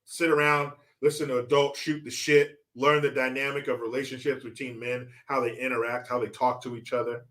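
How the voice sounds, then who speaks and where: A man's voice: medium pitch, little pitch movement, fairly quick, few pauses, fairly bright tone. A man hosting a livestream with political commentary, mocking and swearing as he talks. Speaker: livestream host.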